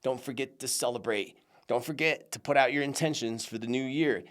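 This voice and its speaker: A man's voice: medium pitch, brisk. A man hosting his own psychic talk show, chatting casually and joking as he reads out viewers' holiday cards. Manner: lively, animated, jokey, grateful.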